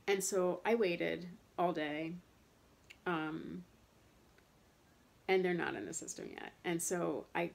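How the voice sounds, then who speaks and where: A woman in her thirties vlogs about chronic pain in a lowish, gravelly voice, speaking slowly and pausing often. Her casual, personal monologue is candid, rambling and frustrated, packed with fillers and restarts.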